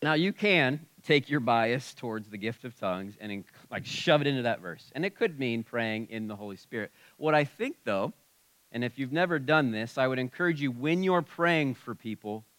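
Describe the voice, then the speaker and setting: Man preaching a casual, animated sermon. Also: mid-range voice, no room sound. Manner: conversational preaching with shifts in loudness. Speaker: pastor. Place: church sanctuary.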